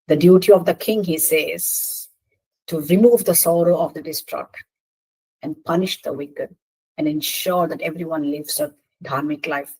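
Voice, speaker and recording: A woman giving a devotional talk that retells a scripture story. She speaks earnestly and stresses the dialogue gently. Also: on the low side, fairly even intonation, a little slow, breathy edge, rough recording.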